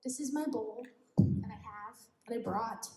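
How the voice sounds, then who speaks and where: A woman's voice: on the high side, unhurried, dark tone. A young woman giving an informal youth devotional talk, giggly and self-deprecating, often laughing as she speaks. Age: young adult. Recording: echoey room.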